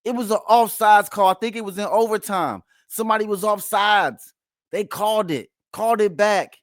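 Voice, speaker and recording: A man's voice: high voice, normal speed, no room sound, clean studio sound. A man hosting a casual sports reaction video, emphatic and playfully mocking, repeating his points.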